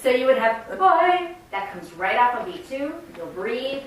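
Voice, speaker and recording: Heard from a distant mic in a very echoey rehearsal room with faint ambience, a woman directing a choir explains rhythm and breathing, singing demonstration phrases along the way. Her pitch is lively and her pace moderate.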